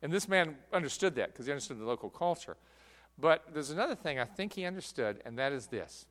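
Male pastor, earnest emphatic sermon delivery, slightly high voice, reverberant church hall. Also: big pitch swings, quick pace, a bit bright. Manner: earnest, emphatic preaching with fillers and restarts.

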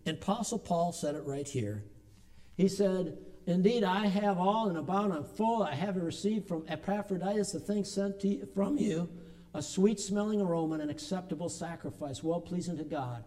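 A man's voice: high voice, normal speed. Man preaching with rising emphasis. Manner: preaching with swelling emphasis and quiet asides. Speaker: pastor. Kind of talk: sermon.

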